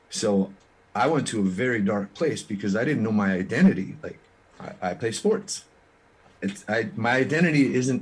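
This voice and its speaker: Brief: Canadian-raised man, lowish husky voice, earnest and frank interview guest. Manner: earnest, frank, quick restarts. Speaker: guest musician. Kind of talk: candid storytelling interview.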